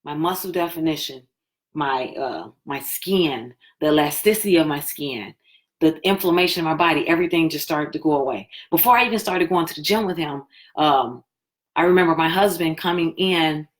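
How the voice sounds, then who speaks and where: A woman hosting a live stream, telling her personal story in a chatty, animated way and acting out what people said. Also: deep voice, normal speed. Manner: chatty, animated, acts out quoted talk.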